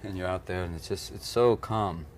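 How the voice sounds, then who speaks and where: Low-voiced American man, rambling and playful. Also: moderate pace, slight background noise. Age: 30s. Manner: rambling, breaks into comic voices and laughs. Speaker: interviewed actor. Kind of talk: playful press junket interview.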